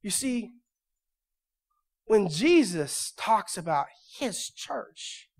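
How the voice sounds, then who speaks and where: A male pastor delivering a sermon in a church, moving from quiet storytelling to loud, emphatic preaching. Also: high voice, big pitch swings, extremely slow.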